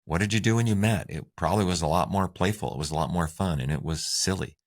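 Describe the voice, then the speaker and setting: A man's voice: low-pitched, quick pace. A man co-hosting a relationship advice talk, walking through tips with enthusiasm. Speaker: podcast co-host.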